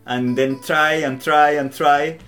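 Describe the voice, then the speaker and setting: A man's voice: a little high, fairly even intonation, slow pace, fairly bright tone. A young man from Latin America, a native Spanish speaker talking English with a Latin American Spanish accent, chatting as a podcast guest in a hesitant way, often restarting his sentences and acting out little bits of dialogue. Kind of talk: casual conversation. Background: guitar music.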